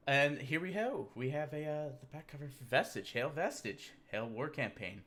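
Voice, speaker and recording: Bright-voiced man rambling through memes. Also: medium pitch, animated, a little slow, pauses often. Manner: rambling, joking, drinking beer. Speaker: livestream host. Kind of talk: casual livestream meme commentary.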